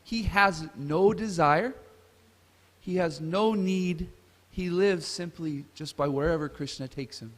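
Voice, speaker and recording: Male class speaker, somewhat high voice, storytelling scripture class, long hall reverb. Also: slow. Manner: asks the audience questions. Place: temple hall.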